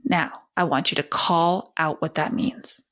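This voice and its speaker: A woman parenting educator hosting a talk, speaking expressively and acting out warm back-and-forth with a child as she teaches. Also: deep voice, unhurried. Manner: expressive, emphatic, acts out dialogue with a child.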